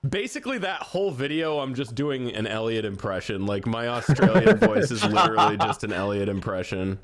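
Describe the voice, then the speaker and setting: A man chatting loosely over a game stream with friends, sentences breaking off and starting again, with plenty of casual swearing. His voice sits at an everyday middle pitch. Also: big pitch swings, a crowd in the background. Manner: rambling, halting with frequent restarts, profane. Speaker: streamer and video creator. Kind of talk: casual gaming stream chat.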